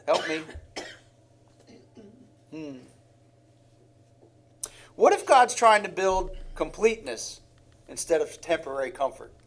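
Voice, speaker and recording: A man's voice: on the high side, big pitch swings, slow pace, long pauses. A man preaching a sermon in a heartfelt way, with sighs and acted-out examples.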